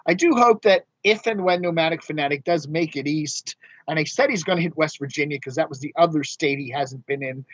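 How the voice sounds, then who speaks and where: A man's voice: fairly high pitch, husky, no echo, poor audio. A man hosting a casual live stream, chatting with viewers in a rambling, chuckling way. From mid-Atlantic United States. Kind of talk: casual live chat reading viewer comments. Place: home studio in Northern Virginia.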